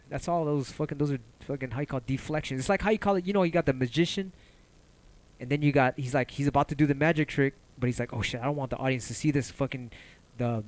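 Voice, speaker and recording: A man hosting a casual livestream, talking loosely and passionately, cursing often and rambling between ideas. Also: fast talker. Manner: animated, jumps in pitch when excited. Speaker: livestream host.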